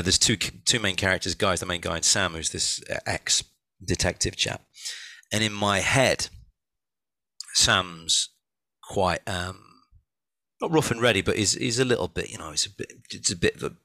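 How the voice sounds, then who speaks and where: A man, an author and audiobook narrator, chatting as a guest in an animated, rambling way with many restarts. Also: low voice, gravelly, no echo. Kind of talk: casual conversation.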